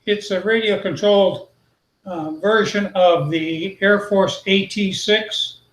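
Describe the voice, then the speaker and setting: On a casual video call, a man with a high voice takes his time, patiently explaining aircraft details and his model building. As a guest on a hobby hangout, he knowledgeably walks through aircraft designations step by step. The room sounds roomy and echoey.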